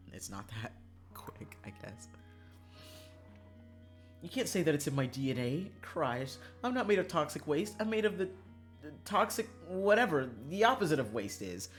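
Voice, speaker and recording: Ranting, swearing game streamer. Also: medium pitch. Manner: animated, swings between loud ranting and quiet mumbling; swears freely, laughs often. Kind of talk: casual chat while playing a visual novel.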